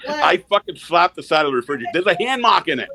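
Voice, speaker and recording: A man's voice: a little high, big pitch swings, rapid-fire, gravelly, bright, forceful tone, a little hiss or hum. A man telling rambling, profane stories in a casual backstage chat.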